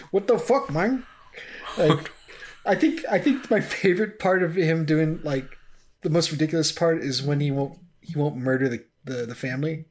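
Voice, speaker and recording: A man co-hosting a casual podcast chat, talking in halting restarts and laughing often. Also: on the high side. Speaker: podcast co-host.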